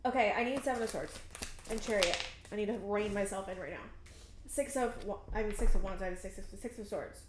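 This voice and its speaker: A woman's voice: mid-range voice, background noise. Earnest rambling woman tarot reader in an echoey room. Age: 30s. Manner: rambling, halting and earnest, many fillers and restarts; emotionally intense, close to tears at times. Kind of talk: pick-a-card tarot reading.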